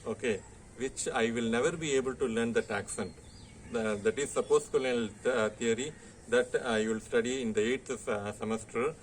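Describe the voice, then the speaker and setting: A man's voice: mid-range voice, steady tone, moderate pace, slight background noise. Hesitant Indian English male lecturer. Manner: hesitant, heavy "uh" fillers and frequent "okay". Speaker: college lecturer. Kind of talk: classroom lecture.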